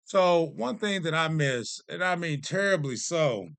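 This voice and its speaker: A man in his thirties or forties chatting to camera as a vlog host, telling stories in an animated, joking, self-deprecating way. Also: a little high, measured pace, creaky, clean tone, dry recording. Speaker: vlogger host. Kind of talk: casual chat to camera.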